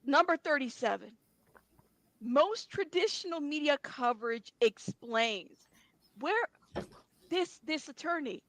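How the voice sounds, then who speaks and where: A woman's voice: sits high, a bit bright, no echo. A woman co-hosting a casual commentary show, reading a document aloud with sarcastic disbelief. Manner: incredulous, sarcastic.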